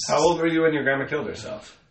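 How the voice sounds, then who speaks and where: A man's voice: a little high, far from the mic, background noise. Joking man heard off-mic in echoey room. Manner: joking, crude quips. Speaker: comedian podcast guest. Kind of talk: casual podcast chat.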